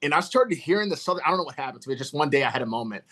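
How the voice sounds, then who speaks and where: Brief: male podcast host from Virginia, lively swooping pitch, playful teasing, stammering restarts, video-call sound. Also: rapid-fire. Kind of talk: casual video-call chat.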